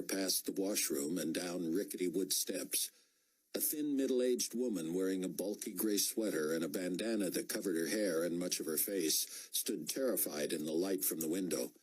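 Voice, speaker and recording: A man narrating an audiobook in a measured storytelling manner. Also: deep voice, darkish tone, slightly rough, low-quality recording. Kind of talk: scripted narration.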